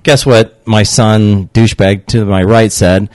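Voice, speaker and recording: A man's voice: on the low side, measured pace, dry recording. A middle-aged man, a retired cop and dad, telling rowdy family stories with lots of laughter and swearing. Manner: laughing, profane, animated storyteller. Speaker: podcast guest, retired police officer dad. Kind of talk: casual storytelling chat.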